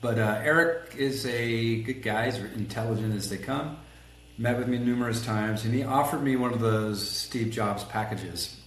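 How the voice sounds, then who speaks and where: A man tells a story in a relaxed interview, animated and a bit rough around the edges, playing every part in his quotes. His voice sits at a middle pitch. The room is roomy and echoey, with a faint hiss behind. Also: moderate pace. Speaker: guest, collision shop executive.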